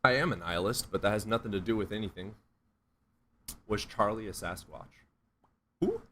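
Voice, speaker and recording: A man's voice: on the low side, normal speed, sharp tone, slight background noise. A man streaming and answering chat questions in a blunt, profane, sarcastic way. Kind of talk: casual livestream chat.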